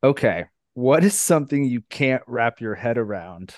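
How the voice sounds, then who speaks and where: A man's voice: mid-range voice, expressive, normal speed, no echo, studio quality. A middle-aged man hosting a podcast, chatting in a rambling way and laughing often. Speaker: podcast host. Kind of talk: casual podcast chat.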